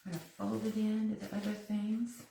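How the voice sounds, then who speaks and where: A woman's voice: medium pitch, little pitch movement, fairly quick, gravelly, dark tone, slight background noise. Chatty woman crafting in an echoey kitchen. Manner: chatty, giggly, thinking aloud while working. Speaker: craft tutorial host. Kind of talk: live-stream crafting demo, chatting to viewers. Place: her kitchen, indoors. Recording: echoey kitchen, mic at a distance.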